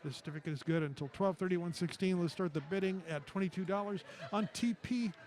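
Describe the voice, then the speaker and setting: A man announcing auction items on live television, reading each description in a steady, matter-of-fact way. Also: high voice, quick pace.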